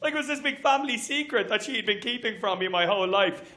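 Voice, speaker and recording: An Irish man doing a stand-up set on a comedy stage. He talks briskly and chattily and works the crowd with asides. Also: high voice, lively intonation, sharp tone. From Ireland. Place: comedy venue stage with audience.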